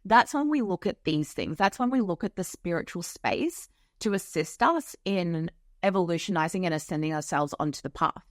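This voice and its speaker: Lower-voiced woman, frank and profane. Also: expressive, normal speed, no room sound, clean studio sound. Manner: frank and profane, lots of "like" fillers. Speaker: podcast host and spiritual coach. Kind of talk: casual podcast monologue. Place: home office.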